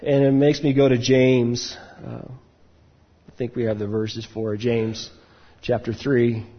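Husky-voiced man preaching a story. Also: medium pitch, takes it slowly, muffled recording. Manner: animated storyteller, acts out quotes loudly. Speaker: pastor. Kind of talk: sermon storytelling.

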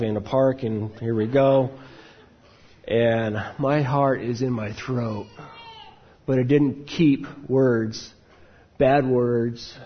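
A man in the role of pastor, telling a personal story in a sermon and acting out the quotes with animated outbursts. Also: mid-range voice, dull audio, a little hiss or hum.

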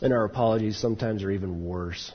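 A man in the role of pastor, telling a personal story in a sermon and acting out the quotes with animated outbursts. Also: on the low side, fast talker, slightly rough, lo-fi sound.

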